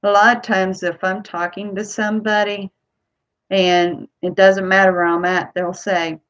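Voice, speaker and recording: A woman's voice: mid-range voice, little pitch movement, unhurried, fairly bright tone, dull audio. A woman from Ohio with a Kentucky accent, chatting to camera in a rambling way as a vlogger. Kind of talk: casual chat to camera.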